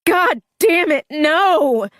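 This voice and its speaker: A woman's voice: very high-pitched, animated, extremely slow, no room sound, studio quality, pitched above the performer's own voice, full character voice. A woman voicing a terrified young woman trapped in a burning house, screaming desperately for help.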